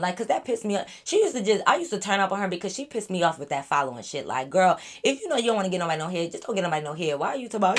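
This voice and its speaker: A woman vlogger telling a storytime in a casual, animated, profane and exasperated way. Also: mid-range voice, fast talker.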